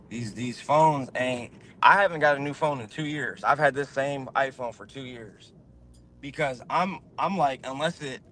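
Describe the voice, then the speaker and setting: A man on a video call talks in a loose, rambling way, full of fillers and restarts. His pitch sits in the middle for a man, and the talk comes through live call audio. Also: a bit bright, slight background noise. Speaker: guest on a livestream. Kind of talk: casual chat.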